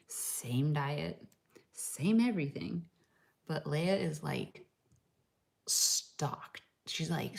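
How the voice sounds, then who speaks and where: Casting note: woman vlogger, low gravelly voice, chatty, lots of "like", slips into whispers. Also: darkish tone. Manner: chatty, frequent "like" fillers, drops into whispers. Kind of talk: casual vlog chat. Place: home in Slovenia.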